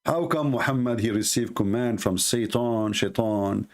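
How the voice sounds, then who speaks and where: This speaker is a male host of a live debate show, a native Arabic speaker with a matching accent. His voice is on the low side, and he argues forcefully, repeating himself and slowing his delivery to stress key points.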